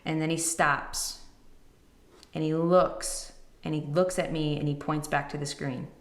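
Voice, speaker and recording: Unhurried and fairly even in intonation, this deep-voiced podcast host in her thirties recounts a personal story with emotion. The room is echoey, and she voices the others involved, quoting them as she goes.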